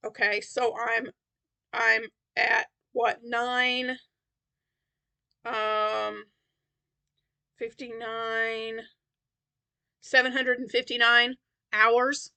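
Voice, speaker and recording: A tired woman chats about her crochet projects, wandering from thought to thought with plenty of ums. Her voice sits a little high and sounds bright and clear. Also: little pitch movement, drawn-out words, long pauses. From Tennessee. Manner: rambling, many fillers and restarts. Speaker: crochet vlogger. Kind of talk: casual chat.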